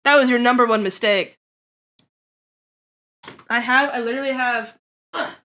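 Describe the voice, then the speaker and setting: A bright, high-pitched young woman chats with her stream audience. She laughs often and slips into playful mock-angry rants with a sharp, ringing tone, swearing freely. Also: unhurried, pauses often, a little hiss or hum. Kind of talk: casual live-stream chat with viewers.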